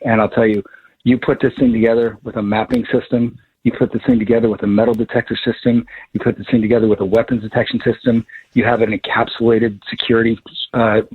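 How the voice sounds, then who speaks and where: A man's voice: mid-range voice, flat delivery, fast, slightly rough, no room sound. A man being interviewed as a guest expert on a radio show, talking in a fired-up, emphatic way. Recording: tinny phone line.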